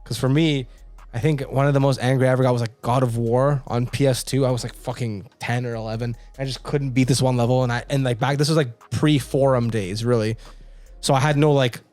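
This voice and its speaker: A young man co-hosting a podcast, talking casually and swearing a lot as he tells a story in quick bursts. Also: mid-range voice, fairly even intonation, darkish tone, faint music behind. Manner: profane, fast bursts of storytelling. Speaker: podcast co-host. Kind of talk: casual chat.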